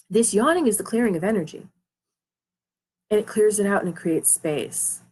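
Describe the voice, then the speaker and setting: Earnest woman life coach, low-pitched. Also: breathy edge, low-quality recording. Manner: earnest, repetitive, emphatic phrasing. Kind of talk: motivational talk to camera.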